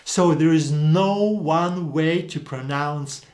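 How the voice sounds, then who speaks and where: A man's voice: fairly high pitch, slow pace, a little mellow. A man whose first language is Slavic, teaching a video lesson and explaining things patiently. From Eastern Europe. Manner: explanatory, demonstrates accents. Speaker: Greek teacher.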